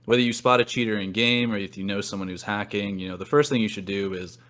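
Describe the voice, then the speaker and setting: A man's voice: on the low side, quick pace, a bit bright. A man on a podcast agreeing easily, peppering his talk with "you know". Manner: easygoing, fills with "you know". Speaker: podcast co-host. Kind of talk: casual podcast discussion.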